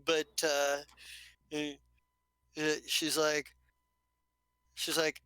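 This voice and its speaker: A game master narrates a tabletop game in halting bursts full of restarts, his voice a little high, bright, and monotone. The tone is clean and the sound close and dry with no room noise, though the recording is rough.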